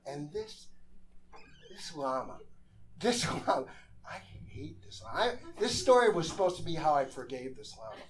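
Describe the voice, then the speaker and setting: A man telling a comic story live on a theater stage, animated and exasperated, acting out the voices in his tale. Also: a little high, normal speed. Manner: animated, exasperated, acts out quotes.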